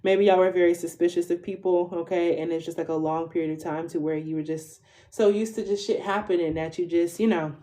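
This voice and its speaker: A woman's voice: on the low side, fairly even intonation, a little fast, mellow. A woman in her twenties giving a casual tarot reading to viewers, chatty, swearing freely and tagging most lines with "okay?". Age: 20s. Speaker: tarot reader.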